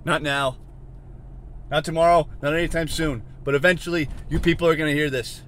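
A man hosting a solo podcast from inside a car, rambling and questioning himself, swinging from mutters to shouts. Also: a little high, fairly even intonation, fairly quick, slight background noise. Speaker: podcast host.

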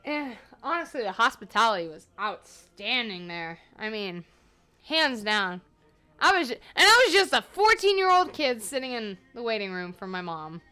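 Young woman rambling thru a story, high voice, cusses a lot, laughs a bunch. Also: normal speed, clear, resonant tone. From United States. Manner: animated, swears freely, laughs through her stories. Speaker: podcast host. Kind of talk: casual storytelling monologue.

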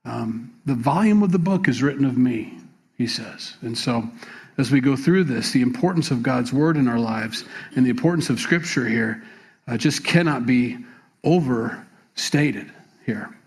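Relaxed, halting male pastor. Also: medium pitch, slightly rough. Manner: relaxed, many fillers and repeated words. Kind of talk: sermon.

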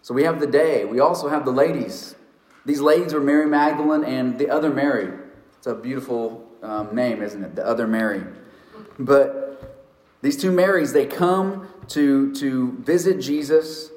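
Earnest preacher in a roomy church. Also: male voice, mid-range voice, a little mellow. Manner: earnest storytelling preacher, slows for emphasis. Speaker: pastor. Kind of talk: sermon. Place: church sanctuary.

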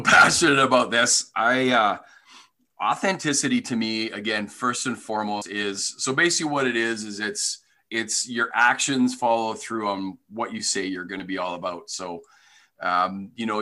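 Bright, earnest man talking shop. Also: lowish voice. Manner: earnest and passionate, with many fillers and restarts. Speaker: golf business leader, podcast guest. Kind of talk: conversational podcast interview.

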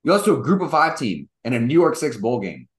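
A young man co-hosting a casual sports podcast, mocking and animated, acting out quotes as he rants. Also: mid-range voice, quick pace. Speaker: podcast co-host.

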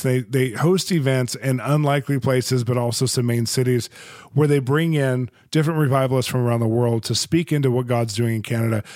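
A man's voice: mid-range voice, a little mellow, dry recording, clean studio sound. A man from the United States hosting an interview podcast, enthusiastic and joking, laughing often as he chats. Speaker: podcast host. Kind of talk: casual interview chat.

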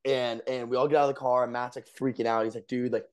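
A man's voice: medium pitch, level tone, fast, clear, resonant tone. Rambling young man telling a story. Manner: rambling, lots of fillers, laughs while telling. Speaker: podcast co-host. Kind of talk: casual storytelling.

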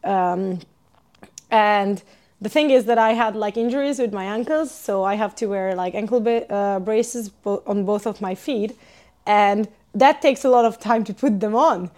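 A young woman from Hungary, a podcast guest telling stories in casual chat, animated and full of fillers. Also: mid-range voice, measured pace. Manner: animated storyteller, many fillers and laughs.

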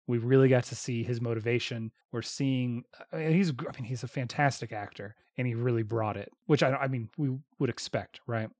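A man co-hosting a casual podcast, talking in a halting way with dry humor and many restarts. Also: medium pitch, darkish tone, no echo. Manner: hesitant, repeats words, dry humor. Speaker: podcast co-host.

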